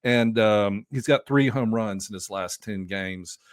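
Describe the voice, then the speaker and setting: Guy guesting on a podcast, loose and excited, dry close sound. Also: fairly low pitch, measured pace, dry recording. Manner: loose and enthusiastic, many fillers and restarts. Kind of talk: casual podcast chat.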